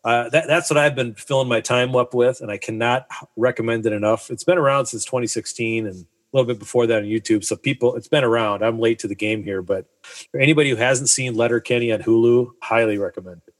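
A man's voice: medium pitch, quick pace. A man co-hosting a podcast in casual chat, enthusiastically recommending something and piling on praise. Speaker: podcast co-host.

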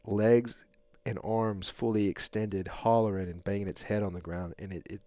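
A middle-aged man hosting a podcast, telling a long story in a rambling, animated way with lots of fillers. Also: fairly low pitch, normal speed, no echo. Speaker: podcast host. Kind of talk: casual storytelling chat.

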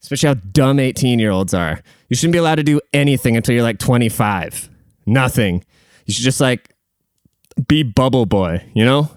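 A man's voice: mid-range voice, smooth, dry recording, clean studio sound. A man hosting a casual solo podcast from a room at home, rambling bluntly and swearing freely. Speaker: podcast host.

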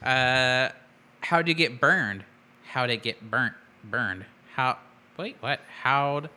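A man's voice: mid-range voice, takes it slowly, bright, forceful tone. A man co-hosting a podcast in casual chat, playful and laughing often. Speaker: podcast co-host.

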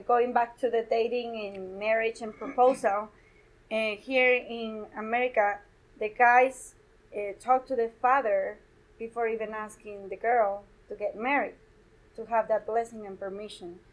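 Spanish-native woman, slightly high voice, chatty storyteller who laughs often. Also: fairly even intonation, moderate pace, low-quality recording. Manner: laughs often, retells dialogue. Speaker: guest speaker. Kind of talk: casual storytelling.

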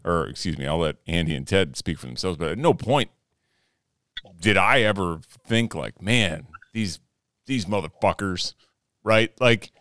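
Low lively-sounding dude, dry close mic, cussing while telling his buddy it's all good. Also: unhurried, dry recording. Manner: reassuring, swears freely. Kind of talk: casual chat.

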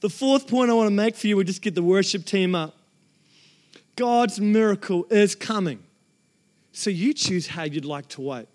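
A man preaching a sermon, telling a family story with lively acted-out voices. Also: high voice, moderate pace. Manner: animated storyteller acting out quoted family voices. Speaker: pastor.

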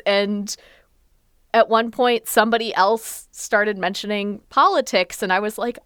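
A young woman with a smooth, clear voice co-hosts a casual podcast. Her sound is close and dry, with no room around it. She tells her stories in a wry, animated way. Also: fairly high pitch, moderate pace, no echo. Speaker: podcast co-host. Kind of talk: casual chat.

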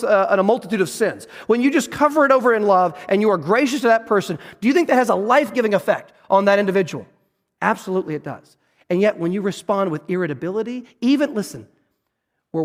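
High-voiced preacher in a reverberant hall. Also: male voice. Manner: earnest, emphatic preaching with slowed stressed phrases and some restarts. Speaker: pastor. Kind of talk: sermon. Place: church sanctuary on a stage.

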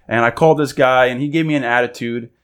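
A man from New York co-hosts the podcast in a mid-pitched, everyday voice. He tells his anecdotes in a relaxed, chatty way. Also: quick pace, clear, resonant tone. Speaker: podcast co-host. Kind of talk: casual chat.

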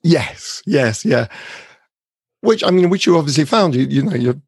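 A man's voice: on the high side, lively intonation, normal speed, darkish tone, breathy edge, no room sound. A man hosting an interview, asking polite, slightly tentative questions. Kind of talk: conversational interview.

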